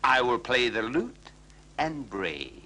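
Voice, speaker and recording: A kindly old donkey talks in a friendly, bouncy voice that swings up and down. He's cheerful and encouraging, a bright storybook character. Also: mid-range voice, sing-song, slow, heavily acted.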